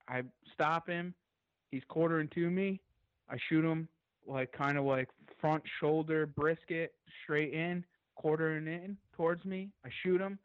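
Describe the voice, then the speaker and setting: A man as a podcast guest, telling a long story in an excited, rambling way and swearing freely. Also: a little high, dry recording, narrow, tinny audio.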